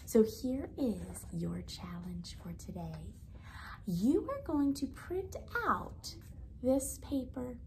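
Expressive woman reading a storybook. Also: a little high, takes it slowly, a little hiss or hum. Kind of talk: storybook read-aloud.

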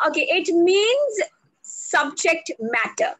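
A woman teaching on a video call, slow and deliberate, spelling out words letter by letter. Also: extremely high pitch, sing-song, a bit bright, no room sound, poor audio. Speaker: English language trainer. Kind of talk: online speaking workshop.

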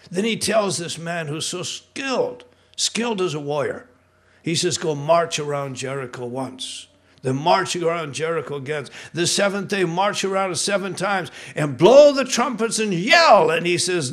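A man from the United States preaching a sermon in a church, animated and pressing, rising loud on key points and asking the congregation questions. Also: a little high. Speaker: pastor. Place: church sanctuary.

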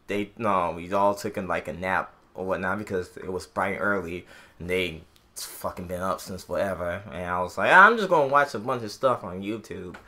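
A man from Illinois co-hosting a podcast, telling a long, animated story in casual chat with many restarts. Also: deep voice, normal speed. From Illinois, USA. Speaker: podcast co-host.

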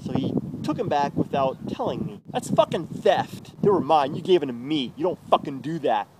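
A man's voice: a little high, expressive, moderate pace, background noise. A man delivering a bitter, agitated confessional vlog monologue with heavy swearing, recorded outdoors by a road.

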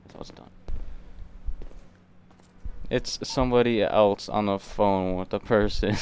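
A man's voice: fairly low pitch, fairly even intonation, unhurried, long pauses, a little mellow, clean tone. A young man casually live-streaming a game, joking with chat and bantering playfully with in-game characters.

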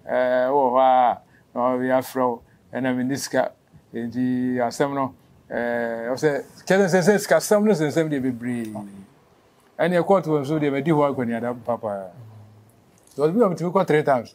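A Ghanaian man speaking as an interview guest, telling a long story that grows animated and rushed as it goes. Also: medium pitch. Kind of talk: emotional interview.

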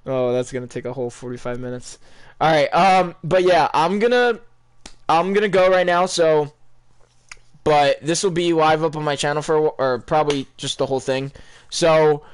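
A young man talks loosely over his gameplay, rambling from one thought to the next and turning to his viewers with questions. His voice is smooth and clear and sits a little high for a man. It sounds like relaxed, unscripted chat. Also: normal speed. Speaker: gaming YouTuber. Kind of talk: casual gameplay commentary.

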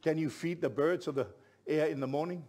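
A middle-aged man, a pastor telling a story in a sermon with lively, building delivery. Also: a little high, brisk. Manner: animated storyteller, rising to shouts at climaxes.

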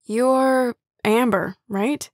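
A woman's voice: fairly high pitch, fairly even intonation, extremely slow, no room sound, voice pushed up. Woman voicing a teasing, friendly young man. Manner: light, dry teasing. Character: friendly, teasing young male coffee shop owner.

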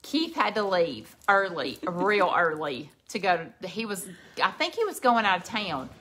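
Slow, drawling woman. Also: lowish voice, sing-song, a bit bright, a little hiss or hum. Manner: slow, drawling storyteller, laughs often. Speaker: co-host, mother. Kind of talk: casual chat on a live stream.

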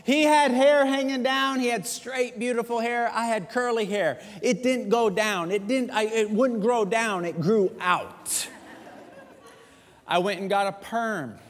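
A man preaching a sermon as pastor, telling stories lively and joking with the congregation. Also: very high-pitched, measured pace, a little hiss or hum. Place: large church sanctuary. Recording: echoey church hall.

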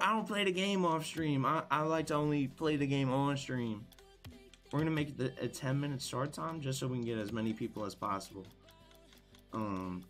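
A fairly bright, somewhat high male voice belongs to a young adult streamer hosting viewer tournaments. He chats casually and excitedly, greets viewers by name, repeats phrases and keeps saying sorry.

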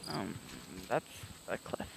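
A woman's voice: takes it slowly, heavy background noise. A woman in casual gaming chat, replying in a dry, matter-of-fact way. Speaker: game streamer.

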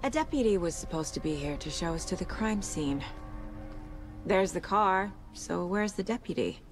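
An actress playing a calm, methodical female FBI agent in a game, speaking directly. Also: fairly low pitch, moderate pace, over music, lightly acted. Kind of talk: game dialogue and inner monologue.

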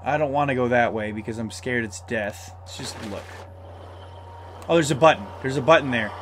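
A man playing a horror puzzle game as a let's-play, easily startled, yelling when scared and talking himself through the tense parts. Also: mid-range voice, moderate pace, a little hiss or hum. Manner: excitable, shouts in fright, talks himself through scares. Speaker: gamer.

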